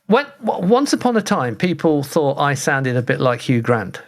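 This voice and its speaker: A British man co-hosting a podcast, chatting casually with a jokey, self-mocking manner and an animated delivery. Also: fairly high pitch, normal speed. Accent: British English. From Britain. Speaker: podcast co-host. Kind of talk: casual chat.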